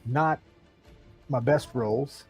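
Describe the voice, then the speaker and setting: A man's voice: medium pitch, extremely slow, breathy edge, soft background music. A man playing in a tabletop game, chatting casually and hesitating with fillers. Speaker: player.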